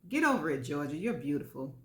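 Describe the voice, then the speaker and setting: A woman's voice: deep voice, big pitch swings, fast talker. A woman voicing a confident, teasing middle-aged man in a story reading, reassuring and playful. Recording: echoey room.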